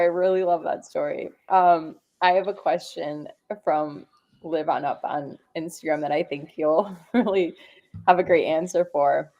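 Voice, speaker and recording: A woman hosts a live training interview and reacts with enthusiasm and appreciation. Her voice sits a little low for a woman. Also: steady tone, unhurried, darkish tone. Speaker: host.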